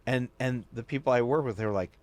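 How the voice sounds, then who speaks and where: A man's voice: mid-range voice, fast. A man guest on a podcast, telling long stories in casual chat, full of "like" fillers and quoted voices. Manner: animated storyteller with many "like" fillers and quoted voices.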